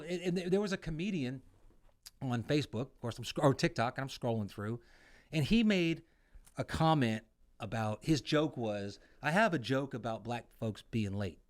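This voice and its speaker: An American man co-hosting a loose podcast conversation, telling stories full of profanity. His voice sits at an ordinary middle pitch but leaps up and gets louder when he gets worked up. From United States. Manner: profane, animated storytelling with swings in pitch and loudness. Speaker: podcast co-host, veteran. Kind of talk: casual chat.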